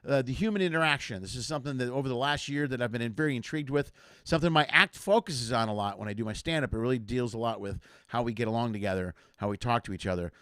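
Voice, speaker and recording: A comedian from the Chicago area hosts a casual live chat show, rambling in a jokey, self-deprecating way. His medium-pitched, fairly bright voice moves quickly, recorded dry in clean studio sound.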